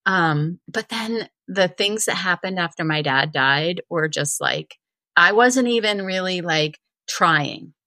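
A middle-aged woman from Vermont, a wellness coach telling a personal story in a chatty interview, full of "like" and animated retellings. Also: fairly low pitch, takes it slowly, dry recording. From Vermont, USA. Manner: chatty, heavy use of filler "like", animated retelling.

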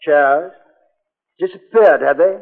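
An actor in a 1940s radio play voicing a jolly, chatty upper-class friend who blurts out whatever comes to mind. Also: male voice, on the high side, slow pace, creaky. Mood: jovial. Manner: bluff, jolly, blurts things out. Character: breezy chatty upper-class Englishman, tactless. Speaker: visiting old friend. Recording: tinny old radio broadcast with reverb.

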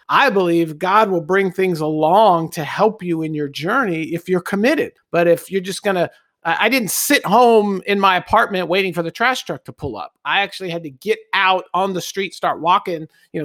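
A middle-aged man, a guest, telling a personal anecdote in a casual, animated way and acting out the voices he quotes. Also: on the high side, no echo, clean studio sound. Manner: animated storyteller who acts out quoted voices.

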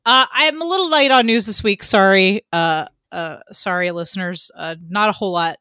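A woman's voice: mid-range voice, normal speed, sharp tone, clean tone, no room sound, clean studio sound. A woman co-hosting a casual podcast, chatty and loose, with lots of ums and the odd swear word. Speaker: podcast co-host. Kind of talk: casual chat.

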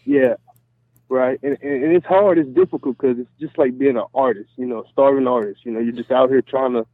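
A man's voice: mid-range voice, steady tone, brisk, dry recording. A man calling in to a casual talk show, rambling and saying "you know" constantly. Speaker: guest caller. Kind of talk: casual phone interview. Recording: tinny phone line.

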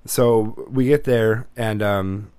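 A man's voice: lowish voice, fairly even intonation, slow pace, dark tone, clear, resonant tone, no echo. A young man co-hosting a casual chat, telling rambling, sweary stories. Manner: rambling storytelling, swears freely. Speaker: podcast co-host.

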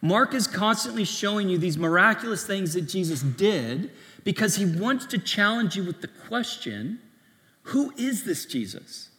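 A man preaching a sermon to young adults, in a conversational style full of restarts and lively asides. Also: high voice, moderate pace, in a large hall.

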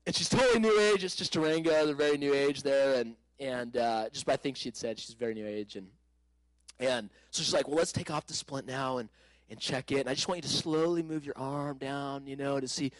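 A man in his thirties preaching, telling a personal story with animated bursts of shouting and laughter. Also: mid-range voice, brisk, no room sound, low-quality recording. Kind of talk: sermon testimony.

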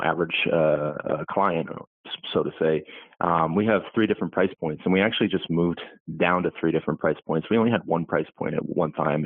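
A man's voice: sits low, no room sound. A man as a podcast guest, speaking emphatically and rising when he makes a point, heard over a remote call. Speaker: guest agency owner. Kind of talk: podcast interview. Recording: tinny phone-like call line.

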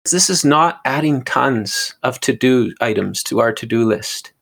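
Man, gravelly voice, podcast bible teaching, earnest, repeats words. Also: medium pitch, expressive, a little slow, fairly bright tone. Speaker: podcast co-host teaching on scripture.

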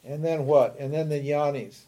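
A man giving a spiritual talk on scripture, who keeps asking his listeners rhetorical questions and tossing in a quick "huh?" while he chuckles. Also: a little high, fairly even intonation, warm tone. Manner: chuckles often while explaining. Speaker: spiritual teacher.

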